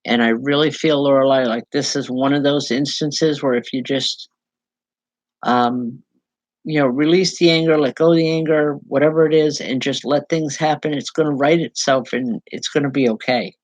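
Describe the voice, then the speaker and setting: A woman medium giving a live spiritual reading to viewers, speaking in halting, repeated phrases with soft reassurance. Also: very deep voice, fairly even intonation, no room sound, low-quality recording. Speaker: psychic medium.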